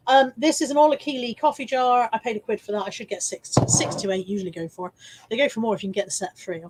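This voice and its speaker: A woman's voice: a little high, quick pace, darkish tone, a little hiss or hum. A woman hosting a casual live stream, showing car boot finds and reading viewer comments with chatty, self-mocking asides, hiccuping now and then.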